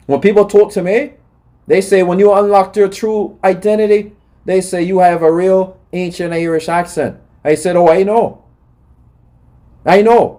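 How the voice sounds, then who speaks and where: A man's voice: fairly high pitch, dark tone. A man delivering a heated monologue rant in a confrontational, lecturing way, often tagging his points with "right?".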